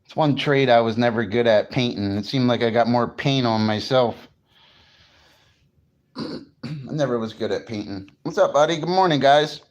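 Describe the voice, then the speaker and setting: A man's voice: mid-range voice, normal speed, long pauses, highs cut off. A man from New Jersey chatting casually on a morning livestream, greeting viewers and swearing freely. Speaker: livestream host.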